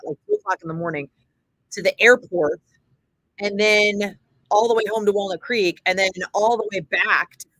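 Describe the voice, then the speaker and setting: Animated woman telling a wild story. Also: mid-range voice, no echo, low-quality recording. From Northern California. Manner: animated, swearing freely, acting out quoted voices. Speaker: radio host telling a story on a livestream. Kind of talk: casual storytelling.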